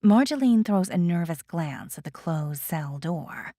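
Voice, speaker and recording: A woman narrating an audiobook in a deliberate, expressive reading style. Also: fairly low pitch, dry recording, clean studio sound. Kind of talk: scripted narration.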